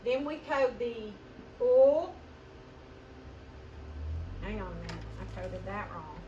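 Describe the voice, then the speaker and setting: A woman's voice: mid-range voice, lively intonation. Teacher woman in an echoey classroom. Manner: slow, drawn-out modeling of sounds, addresses students as guys. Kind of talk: phonics lesson at a whiteboard. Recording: echoey room, mic at a distance, noisy with hum.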